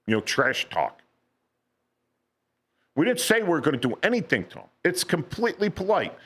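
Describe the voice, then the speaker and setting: A man's voice: mid-range voice, fairly bright tone. A man on local radio talking history in a casual way, often repeating words and asking "right?". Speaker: radio guest. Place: radio studio.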